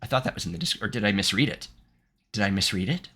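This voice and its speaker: A man's voice: lowish voice, expressive, quick pace, bright, forceful tone, slightly rough. A man from the United States streaming gameplay, reading game text aloud and chatting playfully with his viewers, laughing often. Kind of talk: live-streamed gameplay commentary.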